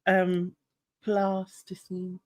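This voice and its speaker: A woman's voice: lowish voice, monotone, extremely slow, darkish tone, no echo. Woman guest on a livestream video call: chatty and slangy, laughs a lot, dry sound. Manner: chatty, laughs, uses casual British slang. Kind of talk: casual group chat on a livestream.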